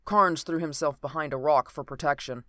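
A narrator reading an old adventure novel aloud in a steady, even storytelling manner. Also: medium pitch, moderate pace, dry recording, studio quality.

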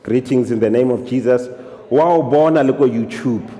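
A man's voice: medium pitch, normal speed, warm tone. A man preaching a sermon as pastor, switching between English and local languages and punctuating his points with amens. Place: church hall. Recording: echoey hall.

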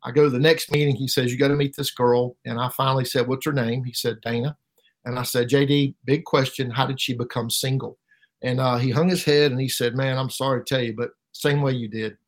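A middle-aged man giving an emotional personal testimony as an interview guest, halting and repeating words, his voice rising sharply at painful moments. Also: mid-range voice, fairly even intonation. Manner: halting, repeats words, voice rises sharply when reliving pain.

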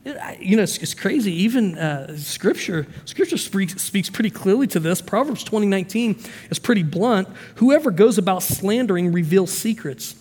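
Male pastor, high voice, sermon in a long-reverb hall; storytelling turns to emphatic exhortation. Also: animated, moderate pace, breathy edge. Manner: preaching with stories, swings from soft storytelling to emphatic.

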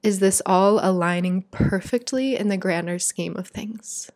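A woman reflects on spiritual matters in a heartfelt, chatty monologue, earnest and emotional, with frequent "like"s. Her medium-pitched voice has a darkish tone and a measured pace, captured in a dry, studio-quality recording.

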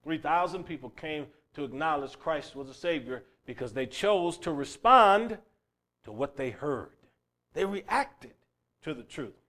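A man preaching a sermon, swinging from loud calls down to quiet asides. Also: fairly high pitch, lively intonation, unhurried. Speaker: pastor.

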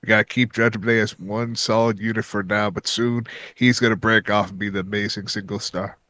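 A man's voice: fairly low pitch, flat delivery, brisk, bright, forceful tone, a little hiss or hum. A man co-hosting a casual podcast, speaking bluntly and swearing often. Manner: blunt, profane. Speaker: podcast co-host.

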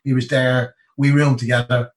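A man's voice: mid-range voice, level tone, moderate pace, far from the mic, low-quality recording. A middle-aged Irish man telling stories in an interview, rambling and full of "you know what I mean". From Ireland. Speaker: interview guest, retired Olympic boxer. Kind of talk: casual storytelling interview.

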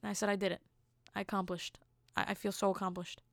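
A woman's voice: mid-range voice, level tone, fast, vocal fry, no echo, studio quality. A young woman hosting a casual solo podcast, telling rambling, self-amused stories with jokey asides. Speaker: podcast host.

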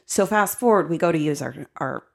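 A woman in a casual podcast chat, an animated and emphatic storyteller. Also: deep voice, fairly quick, gravelly. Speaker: podcast guest, co-owner.

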